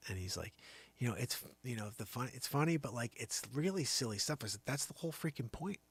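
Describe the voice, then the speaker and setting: A man hosting a show, doing an improvised comic monologue that swings from loud bursts to hushed asides. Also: medium pitch, creaky, dry recording. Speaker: comedy show host.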